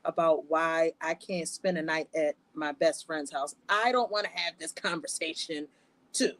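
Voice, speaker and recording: Animated, laughing woman storyteller. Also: low-pitched, normal speed, no room sound. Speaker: podcast co-host. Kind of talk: casual chat.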